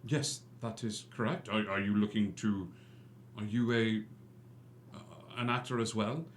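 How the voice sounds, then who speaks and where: A man's voice: on the low side, fairly even intonation, a little slow, natural voice. An eager, polite theatre manager, voiced by a man, tripping over his words. The voice is heard in a roomy, echoing space with a faint hum.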